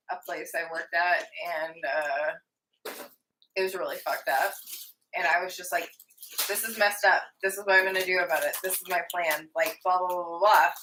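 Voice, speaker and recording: Bright-voiced woman chatting haltingly. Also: fairly low pitch, slight background noise, low-quality recording. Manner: halting, many filler words. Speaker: podcast co-host. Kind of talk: casual chat.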